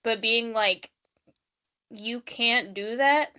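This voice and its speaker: Bright woman co-host, blunt reactions. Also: fairly high pitch, extremely slow, clear, resonant tone. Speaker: podcast co-host. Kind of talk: casual recap chat.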